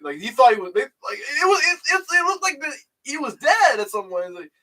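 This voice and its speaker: Far from the mic, a young man hosting a casual YouTube chat speaks fairly quickly in a very high, sing-song voice that sounds pushed and bright. He rambles through his retelling of a video, leaning heavily on "like" and "you know."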